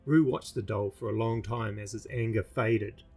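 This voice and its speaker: A man with a slightly husky voice narrates a fantasy story at an even, measured pace. His pitch sits in the middle of the male range, and soft music plays behind him. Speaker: narrator reading his own novel.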